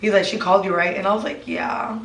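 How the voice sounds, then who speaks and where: A woman recounts a spooky story to her sisters, switching freely between English and Spanish. She sounds roomy and sits some distance from the mic. Her pitch sits in a middle range for a woman. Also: steady tone, fast, creaky, fairly bright tone. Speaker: co-host. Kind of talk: casual storytelling chat.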